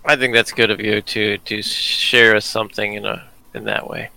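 A man's voice: fairly low pitch, steady tone, moderate pace, vocal fry, bright, forceful tone, low-quality recording. A man co-hosting a casual podcast, rambling and laughing at his own jokes. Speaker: podcast co-host.

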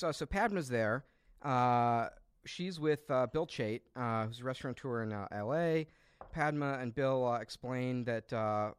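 A man's voice: mid-range voice, smooth, no echo. A man hosting a podcast, recapping an episode with enthusiasm and lots of "uh" fillers. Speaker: podcast host.

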